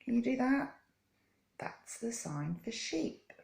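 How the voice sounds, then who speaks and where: A woman reading a picture book aloud to young children, in a gentle, coaxing way that invites them to join in, and showing simple hand signs step by step. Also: on the high side, big pitch swings, slow, vocal fry. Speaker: children's story time presenter. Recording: echoey room.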